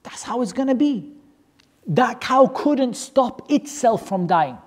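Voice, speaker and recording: Animated storytelling religious teacher. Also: mid-range voice, takes it slowly. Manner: animated, joking, rhetorical questions. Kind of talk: storytelling lesson to a class.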